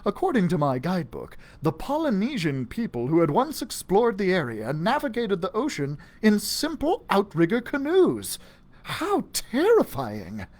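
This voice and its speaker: A man reading a children's storybook aloud for a library, giving the first-person mouse narrator an animated, expressive delivery. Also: moderate pace, hardly any pauses. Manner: animated, expressive reading with big pitch swings.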